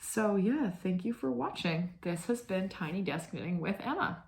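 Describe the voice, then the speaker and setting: A woman's voice: medium pitch, lively intonation, moderate pace, vocal fry, darkish tone. A woman in her twenties hosting a knitting vlog, chatting casually and rambling with lots of fillers and "like". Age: 20s. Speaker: knitting podcast host. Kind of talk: casual chat.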